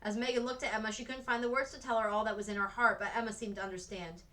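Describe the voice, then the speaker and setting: A woman teacher reading a chapter book aloud with steady, expressive storytelling. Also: a little high, fast talker, poor audio. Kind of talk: read-aloud narration.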